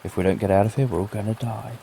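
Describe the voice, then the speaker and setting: A man's voice: on the low side, fairly even intonation, fast, slight background noise, close to an everyday voice. A British man voicing a flustered storybook monkey. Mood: insistent. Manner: insistent, then flustered and sheepish. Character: foolish excitable male monkey, later humble. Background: soft rain.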